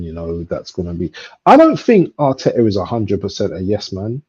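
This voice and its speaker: A man's voice: lowish voice, very animated, moderate pace, a little mellow, husky. A man hosting a casual football livestream chat, rambling with lots of fillers. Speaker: livestream host. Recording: dull lo-fi stream audio.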